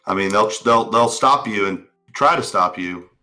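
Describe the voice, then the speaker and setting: A podcast co-host with a lowish voice chats casually at a moderate pace while soft music plays behind him. His talk is relaxed and rambling, full of fillers.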